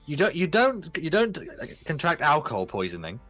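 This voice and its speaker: A man's voice: on the high side, wildly swooping pitch, a little fast, sharp tone, faint music behind. A man, running a tabletop game in a chatty, joking way and often stumbling over his words. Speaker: game master.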